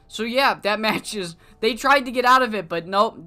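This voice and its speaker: Casual male game streamer, bright voice, rambling delivery. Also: high voice, normal speed, soft background music. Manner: loose, rambling, profane, with many fillers. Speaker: streamer narrating a wrestling booking sim. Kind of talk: casual live-stream commentary.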